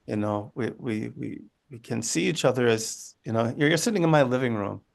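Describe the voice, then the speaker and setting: A man, a guest on a video call from his living room, telling a personal story in a halting way with many restarts. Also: medium pitch, gravelly. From United States. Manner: halting, with frequent restarts and asides. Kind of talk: conversational storytelling.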